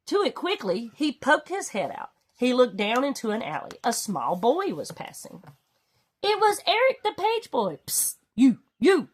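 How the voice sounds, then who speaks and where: Lively expressive woman reading a storybook. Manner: expressive, swinging pitch for drama. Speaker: storybook reader. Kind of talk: read-aloud storybook narration.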